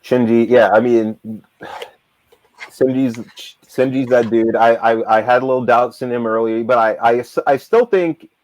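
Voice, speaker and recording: A man's voice: medium pitch, steady tone, measured pace, darkish tone, slight background noise, low-quality recording. A man co-hosting a casual talk show, rambling animatedly with lots of fillers and restarts. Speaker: manga reader and show co-host. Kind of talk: casual discussion.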